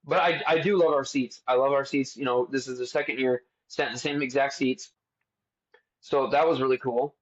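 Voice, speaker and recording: A young man co-hosting a podcast, telling stories in a casual, animated way and swearing freely. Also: medium pitch, normal speed. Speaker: podcast co-host. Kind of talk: casual chat. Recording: dull lo-fi sound.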